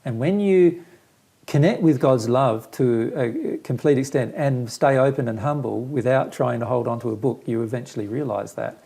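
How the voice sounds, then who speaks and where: A man's voice: medium pitch, moderate pace, gravelly, warm tone, slightly rough. A man who is a spiritual teacher, talking earnestly and patiently in a casual conversation and explaining his ideas with simple everyday examples.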